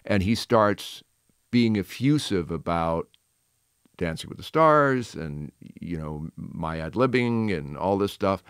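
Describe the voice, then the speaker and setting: Smooth, low-voiced man telling stories. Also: expressive, dry recording, clean studio sound. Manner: chatty anecdotes with restarts and quick asides. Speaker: guest, television host. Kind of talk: casual storytelling interview.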